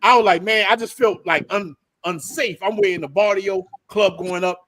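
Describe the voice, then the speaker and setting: A fairly high-pitched American man hosting a casual livestream, telling animated stories full of slang and quick laughs. His voice is dry and close, with no room sound around it. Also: no room sound. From United States. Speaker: livestream host. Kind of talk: casual group chat on a livestream.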